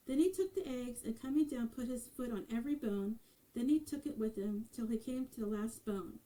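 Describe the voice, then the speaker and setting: Mellow-voiced woman reading a fairy tale. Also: a little high, low-quality recording. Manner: measured, expressive reading. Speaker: storyteller. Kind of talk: storybook narration.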